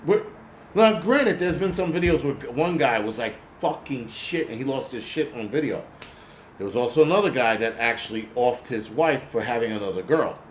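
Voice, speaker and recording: A man's voice: mid-range voice, animated, moderate pace, slight background noise. Profane, ranting man in an echoey room. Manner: profane, blunt, angry ranting. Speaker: host. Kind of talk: ranting monologue.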